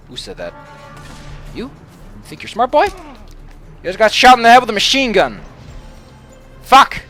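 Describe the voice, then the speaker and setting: A man's voice: very high-pitched, wildly swooping pitch, normal speed, pauses often, bright, forceful tone, faint music behind. A man giving casual let's play commentary in an anxious, rambling way, swearing heavily. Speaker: gaming commentator.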